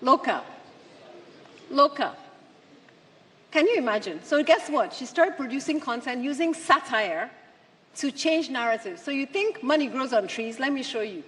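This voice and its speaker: A woman's voice: sits high, expressive, normal speed. A woman giving a speech to an audience, emphatic and full of rhetorical questions. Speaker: conference speaker. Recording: long hall reverb.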